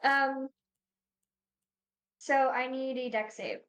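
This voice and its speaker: A woman's voice: high-pitched, steady tone, slow pace, fairly bright tone, low-quality recording. A woman playing a tabletop game on stream, thinking aloud hesitantly and giggling. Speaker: player.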